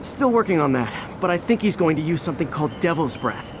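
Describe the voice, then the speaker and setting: A man's voice: a little high, big pitch swings, fast, music in the background. An actor playing a friendly, earnest young male hero who talks in an upbeat, chatty way.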